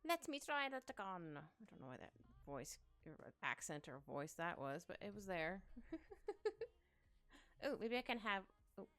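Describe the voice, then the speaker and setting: A woman's voice: lowish voice, animated, unhurried, a bit bright. A woman streamer chatting casually while she draws, thinking aloud and humming to herself. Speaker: streamer drawing live. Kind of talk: casual chat while drawing. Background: faint background music.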